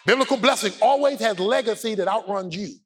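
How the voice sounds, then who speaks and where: A male pastor preaching a sermon, building from steady teaching to fervent, shouted exhortation. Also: sits high, a little fast, husky.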